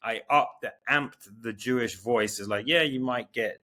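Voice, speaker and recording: A man's voice: medium pitch, normal speed, bright, forceful tone. A man, a guest artist talking earnestly and rambling, often repeating words. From London. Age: 40s. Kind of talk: casual interview chat.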